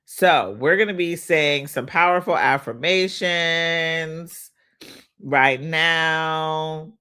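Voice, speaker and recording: Host read: a slow, unhurried woman leading a motivational livestream with call-and-response affirmations. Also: deep voice, clear, resonant tone. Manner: animated call-and-response, drawn-out repeated affirmations.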